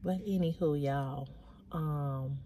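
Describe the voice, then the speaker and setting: Low-voiced woman vlogger, weary and sighing. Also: takes it slowly, dark tone, slight background noise. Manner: weary, venting, with frequent heavy sighs; repeats phrases for emphasis. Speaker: fashion vlogger. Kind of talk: casual chat to camera.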